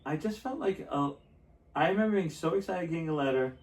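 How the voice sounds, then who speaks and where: Guy on a podcast, high voice, super animated, laughs a ton, kinda far from the mic in an echoey room. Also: brisk. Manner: animated storyteller, laughs often. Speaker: podcast host. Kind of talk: casual chat. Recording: roomy, a little off-mic.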